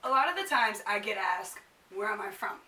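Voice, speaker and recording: Bright-voiced young woman in an echoey room. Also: medium pitch, a little fast, distant mic. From New Jersey, USA. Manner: animated, exasperated, acts out other people's questions. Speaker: vlogger. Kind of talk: casual vlog rant. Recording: echoey room, voice a little off-mic.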